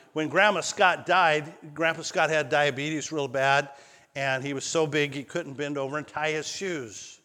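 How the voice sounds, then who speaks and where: A male pastor telling a personal story in a sermon, swinging between loud calls and hushed lines. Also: on the high side, big-room sound. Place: church sanctuary.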